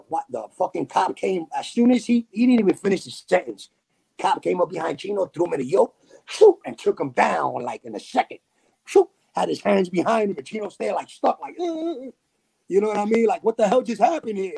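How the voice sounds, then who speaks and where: A man with a New York accent telling a story in a casual, animated way, full of slang and fillers. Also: a little high, vocal fry, husky. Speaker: podcast guest.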